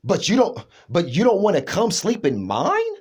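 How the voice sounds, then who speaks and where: A man's voice: high-pitched, wildly swooping pitch, moderate pace, slightly rough. A man talking in a rambling personal monologue, emphatic, restarting often and checking in with his listener. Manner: emphatic, keeps asking "you know what I'm saying".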